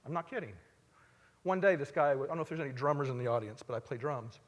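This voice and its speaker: A man giving a live stage talk, telling stories conversationally and swinging between loud emphasis and quiet asides. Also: medium pitch, expressive, fast. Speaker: speaker at a live talk event. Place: large hall, on stage before an audience. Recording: long hall reverb.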